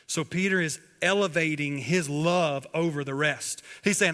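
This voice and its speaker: A male pastor preaching from the pulpit, his fairly high voice hanging in the long reverb of a big church hall. He moves from loud, pressing emphasis to hushed, quiet lines, and he voices the quoted dialogue in a softer tone. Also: normal speed, few pauses. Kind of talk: sermon. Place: church sanctuary.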